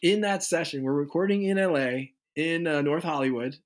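A man guest on an interview podcast, telling stories in a loose, animated way and acting out the people he quotes. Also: fairly high pitch, normal speed. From United States. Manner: animated storyteller who acts out quoted voices. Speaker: guest musician. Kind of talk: casual interview storytelling.

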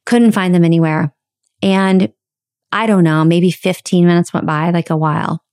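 A woman's voice: lowish voice, steady tone, normal speed, darkish tone, no room sound, studio quality. A woman podcast host telling a personal story in a chatty way, with many "like" fillers. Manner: chatty, frequent "like" fillers, dramatic retelling.

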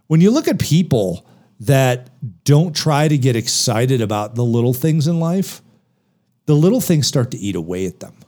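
A man talks with a lively, swooping voice that rises and falls a lot as he drives his points home. He asks himself questions and answers them. It is the energetic delivery of motivational podcast talk. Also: mid-range voice, normal speed. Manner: emphatic, animated, rhetorical questions. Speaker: podcast guest author.

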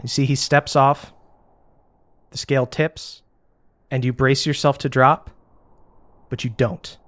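A man narrating as the game master of a tabletop role-playing game, relaxed and easily amused. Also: mid-range voice, slow.

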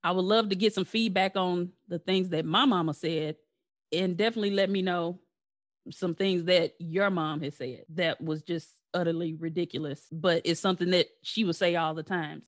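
A woman's voice: fairly low pitch, moderate pace. A woman hosting a podcast, chatting casually and laughing easily with her guest. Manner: laughs often, relaxed storytelling. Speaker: podcast host. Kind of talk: casual chat.

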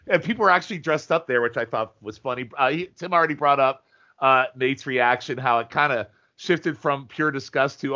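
A man in his thirties, a guest on a podcast, chatting in an animated, incredulous way. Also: mid-range voice, fairly quick, dull audio. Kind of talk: casual chat about a TV episode.

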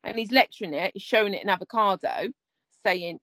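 A woman in her thirties from England, cohosting a podcast and telling funny stories in a sweary, animated way. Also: mid-range voice, brisk, no room sound. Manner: sweary, animated, jumps into quoted voices. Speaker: podcast co-host. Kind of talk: casual chat, comic storytelling.

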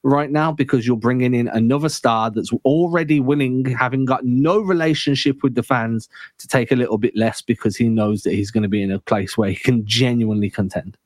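A man co-hosting a sports podcast, relaxed and joking in casual chat. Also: mid-range voice, a little fast, few pauses, no room sound. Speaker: podcast co-host.

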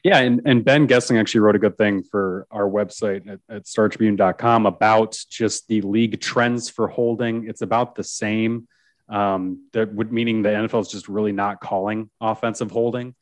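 Guy on a sports pod, low voice, dry close sound, keeps restarting sentences and chuckling. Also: steady tone, normal speed, no room sound. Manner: conversational, frequent restarts and chuckles. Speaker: sports reporter guest. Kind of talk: casual sports chat.

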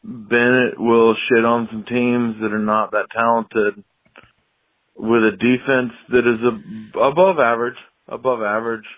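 A man's voice: mid-range voice, flat delivery, slow pace. Male caller, rambling and sulky, swearing, heard over a tinny phone line. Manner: rambling, swearing, self-pitying. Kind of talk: voicemail rant.

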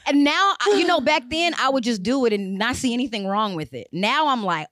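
A woman's voice: on the high side, a little fast, no room sound, studio quality. A young woman, co-hosting a podcast, telling stories in casual chat and acting out the dialogue with lots of profanity. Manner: animated, profane, acts out dialogue. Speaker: podcast co-host.

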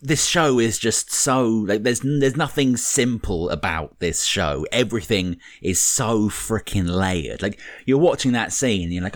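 Low-voiced man podcast co-host, dry sound. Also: unhurried, few pauses, dry recording. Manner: conversational, enthusiastic, says "like" a lot. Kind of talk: casual chat.

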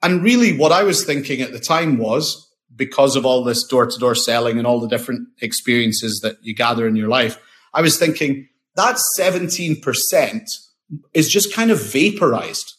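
A man's voice: mid-range voice, normal speed, fairly bright tone. A man, a company founder, talking casually and enthusiastically as a podcast guest, often restarting and repeating words. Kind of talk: casual interview talk.

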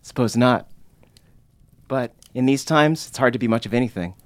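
A man's voice: mid-range voice, moderate pace, no echo, close to an everyday voice. Brief: easygoing young paladin who jokes his way through, voiced by a man. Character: young male rogue paladin, glib.

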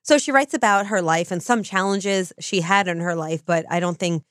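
A woman co-hosting a true-crime podcast, explaining things in a measured, casual way. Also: fairly low pitch, fairly bright tone, smooth, no room sound, studio quality. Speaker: podcast co-host.

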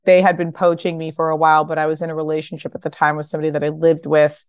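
A woman in her thirties, a fashion founder guesting on a podcast, telling stories casually and acting out quotes with bursts of high voices. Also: level tone, racing, clear, resonant tone, no echo. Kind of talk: casual interview storytelling.

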